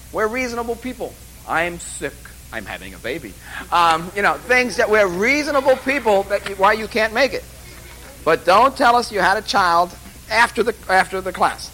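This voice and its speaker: A man's voice: high voice, sharp tone, slight background noise, poor audio. A man lecturing a class at a course orientation, rambling and joking with emphatic asides. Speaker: college instructor.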